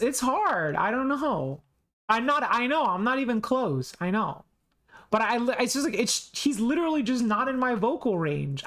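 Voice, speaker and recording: A woman's voice: a little high, fairly bright tone. A woman streamer chatting casually during a game playthrough, talking in a self-deprecating way and restarting her sentences often. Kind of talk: casual live game commentary.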